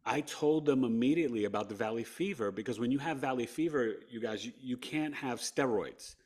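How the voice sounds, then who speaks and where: A man's voice: medium pitch, a little fast, darkish tone, slightly rough. A man in his fifties from New York, a podcast guest telling a personal story in a casual, conversational way, full of "right?" and "you know" asides. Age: 50s.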